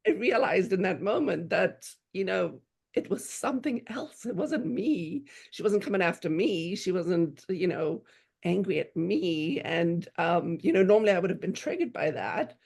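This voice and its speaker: A woman's voice: lowish voice, expressive, normal speed, gravelly, a little mellow. A middle-aged woman telling a personal parenting story in a casual, earnest way, with frequent restarts. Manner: earnest, many restarts and "you know"s, acts out quoted voices.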